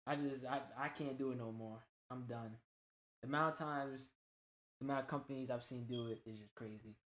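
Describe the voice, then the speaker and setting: A man co-hosting a casual gaming podcast, talking in an animated, slangy way and swearing freely. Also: mid-range voice, a little fast, echoey room. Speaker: podcast co-host.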